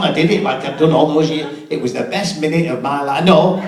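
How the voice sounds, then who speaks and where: A man's voice: a little high, fairly quick, far from the mic. A middle-aged man, telling a comic story to a hotel audience. He chuckles at his own punchlines and stumbles into restarts. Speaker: hotel entertainer. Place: hotel function room with live audience. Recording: echoey hall, voice off-mic, with music.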